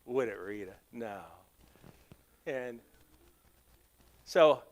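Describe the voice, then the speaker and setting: A pastor with a Southern accent preaching a sermon, telling stories and acting out the dialogue, teasing members of the congregation by name. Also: male voice, mid-range voice, animated, extremely slow. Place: church sanctuary.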